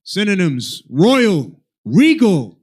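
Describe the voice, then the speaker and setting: High, lively-voiced man reading out definitions. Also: husky. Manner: halting, reads words out one by one. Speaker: reader in a class.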